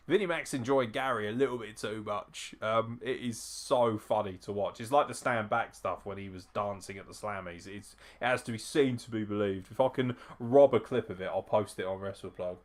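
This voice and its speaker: A man hosting a live watch-along, reacting casually and profanely, often chuckling as he comments. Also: lowish voice. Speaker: wrestling show host.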